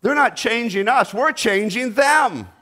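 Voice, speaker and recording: A middle-aged man preaching a sermon, dramatic, swinging between loud bursts and hushed asides. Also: very high-pitched, expressive, a little slow.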